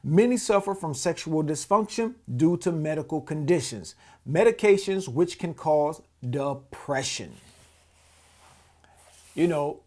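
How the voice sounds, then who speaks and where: A man's voice: a little high, expressive, a little slow, a little mellow. A man hosting a podcast, giving heated, profane commentary on a clip and often repeating words as he restarts. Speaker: podcast host. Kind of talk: reacting to a clip, casual commentary.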